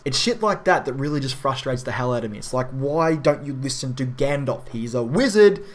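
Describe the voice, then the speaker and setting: A man's voice: mid-range voice, animated, brisk, hardly any pauses. A man giving a casual spoken film review in a frustrated, ranting way with frequent swearing.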